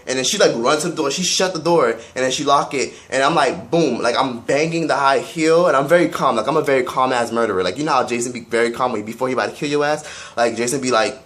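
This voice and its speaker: Profane young man telling a story. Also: mid-range voice. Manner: casual, profane, animated storytelling. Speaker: vlogger. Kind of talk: storytime vlog.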